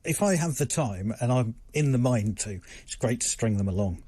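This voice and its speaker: A man's voice: mid-range voice, lively intonation, normal speed, warm tone, husky, no room sound. A man appearing as the regular tech contributor on a live radio show, dry and understated, with short replies.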